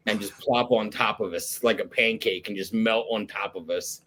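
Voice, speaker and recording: A male podcast host chats casually with his guest. He jokes and teases, chuckling between remarks. His voice sits somewhat low. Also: moderate pace, fairly bright tone. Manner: joking and teasing, chuckling. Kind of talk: casual interview chat.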